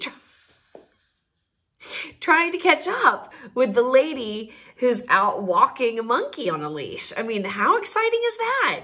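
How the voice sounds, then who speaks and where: Animated giggly woman telling a story. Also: sits high. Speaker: storyteller host. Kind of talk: casual anecdote telling.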